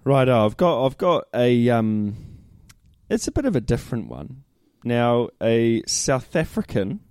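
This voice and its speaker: A man's voice: medium pitch, very animated, a little slow, darkish tone, no echo, studio quality. A man co-hosting a casual rugby chat, laid-back and matey, calling his friend "mate". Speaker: podcast co-host.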